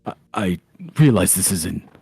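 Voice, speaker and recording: A man voicing Erwin, a secretive, hesitant male companion who speaks formally in hushed, halting phrases. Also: low-pitched, lively intonation, vocal fry, slightly rough, no room sound, clean studio sound, exaggerated voice.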